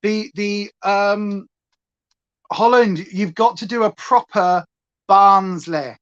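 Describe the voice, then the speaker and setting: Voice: medium pitch, normal speed, fairly bright tone. Northern english streamer chatting away doing makeup, rambly tangents, slightly dull lo-fi sound. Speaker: makeup livestream host. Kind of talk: casual livestream chat while doing makeup.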